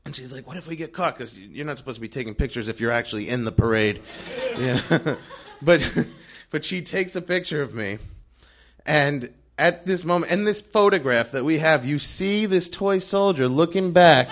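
A young man telling a funny story on stage in an animated, breathless way, laughing through it. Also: on the high side, normal speed. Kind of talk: live storytelling.

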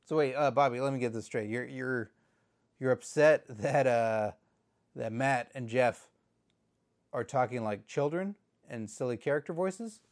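A man hosting a comedy sketch interview, flustered and stammering as he tries to calm his guest. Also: mid-range voice, unhurried. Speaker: show host.

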